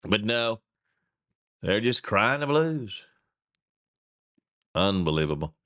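A man's voice: lowish voice, takes it slowly, dry recording, clean studio sound. A middle-aged man hosting a radio talk show, ranting in a casual, chuckling way. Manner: animated, ranting, chuckling asides.

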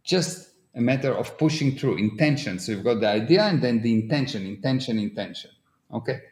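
In a casual podcast conversation, a man with an Israeli accent earnestly explains ideas using everyday examples and non-native grammar. His voice is medium-pitched, expressive, and brisk with a darkish tone. The recording has a roomy echo.

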